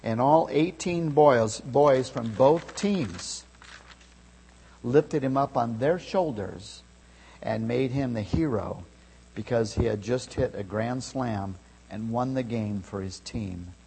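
Slow-speaking preacher in an echoing hall. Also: male voice, mid-range voice, gravelly, breathy edge. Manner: storytelling, rising to loud calls in the tale. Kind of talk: sermon. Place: church sanctuary. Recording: long reverb of a large hall.

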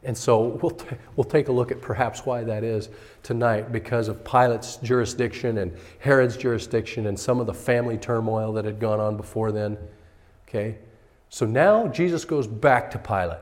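A male pastor with a mid-range, slightly mellow voice preaches conversationally at normal speed, sometimes acting out what characters in the story say. Hall reverb surrounds the sermon.

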